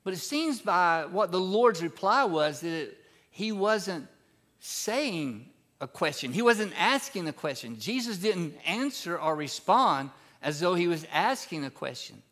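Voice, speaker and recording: A male pastor with a somewhat high voice delivers a sermon. He explains the text in a plain, conversational teaching tone. On key points his voice lifts and gets louder. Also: very animated, measured pace. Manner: reads scripture aloud, then explains it in a conversational teaching way; rises in pitch and volume for emphasis.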